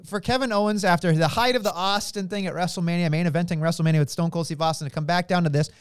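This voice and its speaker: A man co-hosting a casual wrestling podcast, excitable and jokey, often poking fun at himself. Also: high-pitched, racing, clear, resonant tone, dry recording, clean studio sound. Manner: excitable, jokey, self-mocking. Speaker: podcast co-host.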